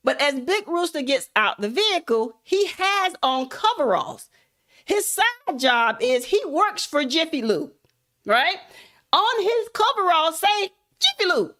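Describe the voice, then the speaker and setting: An extremely high-pitched woman speaks unhurriedly, her bright voice pushed and swinging widely in pitch. She's a content creator and motivational speaker, spinning a folksy, casual story and addressing her listeners directly as y'all.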